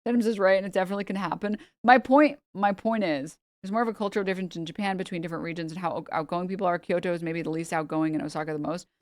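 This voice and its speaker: A woman's voice: lowish voice, fairly even intonation, quick pace, dry recording, clean studio sound. Blunt, profane American woman streamer. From United States. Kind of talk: casual reaction stream chat.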